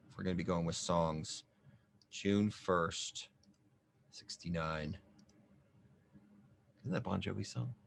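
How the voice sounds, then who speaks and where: A man with a lowish voice walks viewers through an online form in a screen-share tutorial. He talks in a loose, chatty way, cracks small jokes and thinks aloud as he fills in each field. Keyboard typing and mouse clicks sit behind his voice. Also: creaky. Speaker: small business advisor demonstrating an application.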